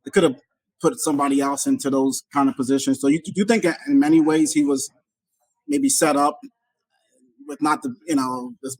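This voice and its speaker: A man's voice: mid-range voice, brisk, no echo, rough recording. A male host asking long, hesitant questions on a live show. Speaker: podcast host. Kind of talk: interview questions.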